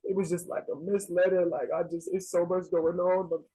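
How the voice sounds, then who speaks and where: A young man in college telling a casual storytime tale, slangy and animated, acting out both sides of a phone call. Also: high voice, fairly quick, husky. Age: young adult.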